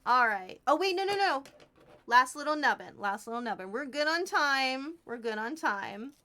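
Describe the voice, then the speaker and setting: A woman's voice: high-pitched, animated, moderate pace, bright, forceful tone. A woman streaming live from home, chatting with her viewers while crafting paper snowflakes and thanking them as she goes. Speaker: Twitch streamer.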